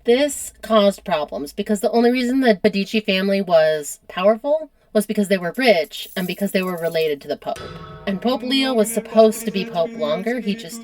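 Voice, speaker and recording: An American woman hosting a casual history podcast, chatty and quick to laugh at herself. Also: mid-range voice, no echo. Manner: chatty, laughs often, self-deprecating. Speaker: podcast host.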